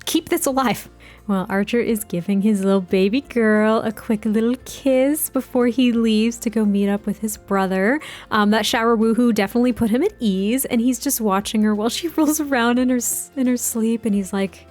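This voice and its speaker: A woman's voice: on the high side, moderate pace, darkish tone. Young woman rambling thru her sim game, giggly, lots of ums, faint music behind. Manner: chatty, giggly, rambling with many fillers. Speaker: gaming video host. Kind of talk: casual let's-play commentary. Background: faint background music.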